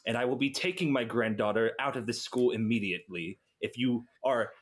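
A man voicing a stern old grandfather in a tabletop game, with a gruff, vaguely European manner and clipped, haughty threats. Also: medium pitch, fairly quick, lightly acted.

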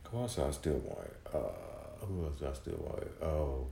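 A man's voice: very deep voice, big pitch swings, measured pace, vocal fry, warm tone. A man rambling through a casual, profane solo podcast monologue, full of restarts and mumbled asides. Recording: echoey room with faint guitar music.

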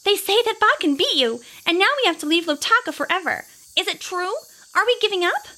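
Brief: anxious young girls, bright and high, voiced by a woman storyteller. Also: lively intonation, brisk, full character voice. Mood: tearful. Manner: pleading, high and eager.

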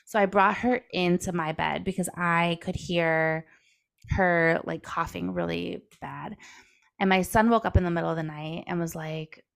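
Chatty woman with a gravelly edge. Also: fairly low pitch, steady tone, a little slow. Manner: chatty storyteller, many "like" fillers. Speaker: podcast co-host. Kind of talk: casual chat.

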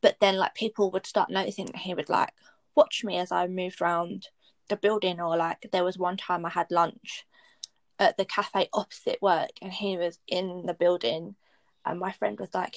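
A woman's voice: lowish voice, level tone, moderate pace, no echo. A young woman, candidly telling a personal story in casual chat, blunt and swearing freely.

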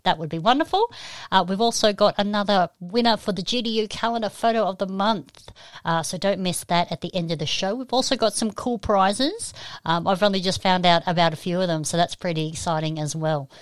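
A woman's voice: medium pitch, a little fast, no room sound. Cheery Australian woman hosting a podcast. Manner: cheery, bubbly, greets listeners with whoops and laughs. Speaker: podcast host. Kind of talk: live-stream podcast chat.

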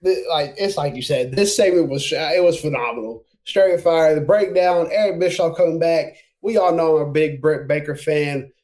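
A man's voice: fairly high pitch, normal speed, hardly any pauses, a little mellow. A man co-hosting a casual chat who talks in an easygoing way, laughs often and fills in with "like". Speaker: podcast co-host.

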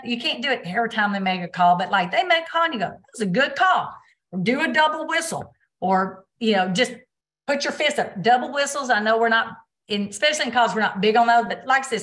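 A woman, a basketball official, answering interview questions on a video call and acting out what she says on court. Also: mid-range voice. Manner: animated storytelling, acts out quotes.

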